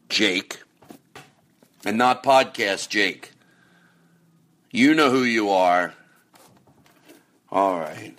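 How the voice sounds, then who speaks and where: Rambling podcast host man, loud swings. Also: mid-range voice, animated, slow pace, long pauses. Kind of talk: casual rambling monologue.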